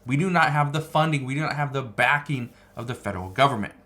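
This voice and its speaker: A man's voice: medium pitch, quick pace, sharp tone. A man giving political news commentary, reading out articles and stressing his points by repeating phrases. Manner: emphatic, repeats key phrases.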